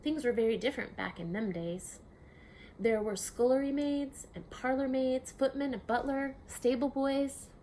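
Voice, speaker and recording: A woman's voice: high-pitched, moderate pace, slight background noise, voice pushed up, poor audio. A woman doing a chatty kindly old-house maid. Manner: chatty, homely and warm-hearted. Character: kindly talkative maid, middle-aged.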